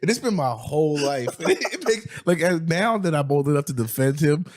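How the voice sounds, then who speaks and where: A young man co-hosting a comedy podcast, telling lively anecdotes with lots of laughter. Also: fairly high pitch, normal speed. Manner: lively, laughing anecdotes about his partner. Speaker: podcast co-host. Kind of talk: casual comedic chat.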